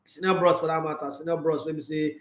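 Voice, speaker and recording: A fast-talking man with a Nigerian accent and a fairly high pitch hosts an easygoing sports stream. He's animated, laughs a lot, and shifts between Pidgin and English, with a roomy sound around him.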